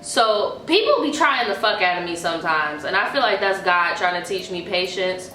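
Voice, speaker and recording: Woman, casual storytime, animated, cursing, crisp bright tone, echoey. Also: fairly low pitch, moderate pace, slight background noise. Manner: animated, profane retelling with acted quotes. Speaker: vlogger. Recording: echoey room.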